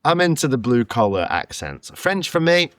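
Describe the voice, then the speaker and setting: A man co-hosting a podcast, joking around and swearing casually as he chats. His pitch swings widely from line to line, and the sound is dry and close. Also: sing-song, moderate pace, no room sound. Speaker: podcast co-host. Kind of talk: casual chat.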